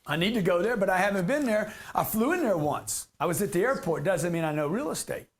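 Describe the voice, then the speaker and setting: A man's voice: high voice, animated, a little fast. A man giving a live real estate seminar to an audience, brash and slangy, cracking jokes as he teaches.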